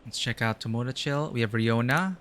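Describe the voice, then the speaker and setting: A man's voice: mid-range voice, fairly quick, fairly bright tone. A male streamer in casual let's-play commentary, chatty and rambling, with many "like" asides.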